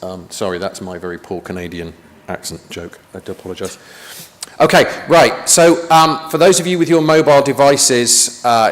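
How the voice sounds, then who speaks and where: A man giving a conference talk in a chatty style, with joking asides, in a meeting room. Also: mid-range voice. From United Kingdom. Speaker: conference presenter. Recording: long reverb of a meeting hall.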